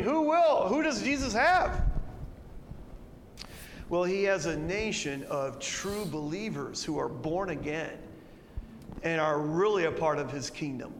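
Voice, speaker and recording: A high-pitched man teaches an expository sermon in a church hall, pressing his points with emphatic, conversational rhetorical questions. His voice rings out with a long reverb, over a faint hum of room ambience. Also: fairly bright tone. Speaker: pastor.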